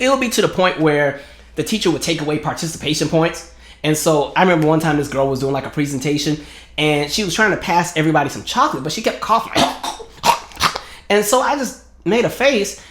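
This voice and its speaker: A man's voice: fairly high pitch, roomy sound. A young man with hosting a casual commentary monologue, telling stories and mocking the other side in a raised voice. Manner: animated storytelling, mocks opponents in raised voice. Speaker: commentary channel host.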